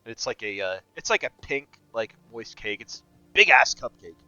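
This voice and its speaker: A man's voice: medium pitch, big pitch swings, moderate pace, sharp tone, no room sound. A man running a tabletop game as game master, rambling with many fillers as he describes the scene. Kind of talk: narrating and voicing a tabletop game. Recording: dull lo-fi sound with faint music.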